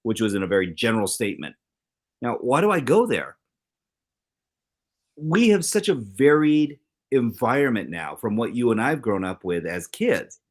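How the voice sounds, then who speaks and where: A middle-aged man co-hosting a casual talk show, telling stories and acting out the quoted lines. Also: normal speed. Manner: animated storyteller, acts out quoted exchanges with big pitch jumps. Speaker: co-host.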